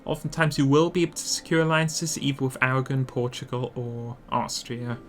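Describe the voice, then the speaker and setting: A man's voice: medium pitch, brisk, a bit bright, a little hiss or hum. A man narrating an instructional strategy game guide, explaining his plans while thinking aloud and correcting himself as he goes. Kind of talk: instructional gameplay commentary.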